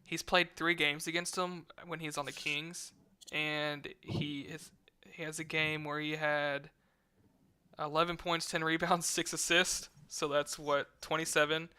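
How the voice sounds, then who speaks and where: A man's voice: on the high side, little pitch movement, a little slow, sharp tone, clear, resonant tone. A man co-hosting a casual sports betting stream, reading stats aloud and chatting with viewers. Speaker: sports betting show co-host.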